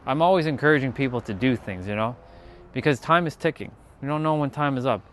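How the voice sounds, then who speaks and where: A man talks casually to his livestream from outside in a yard, at an ordinary middle pitch. His talk is chatty and rambling, drifting from thought to thought with an encouraging tone. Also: lively intonation, fast talker, a little hiss or hum.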